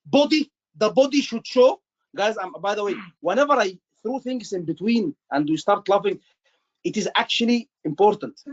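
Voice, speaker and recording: Man, exam tutor, animated, repetitive, muffled lo-fi recording. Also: high-pitched, normal speed. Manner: animated, repetitive, acts out doctor lines. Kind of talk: live teaching session.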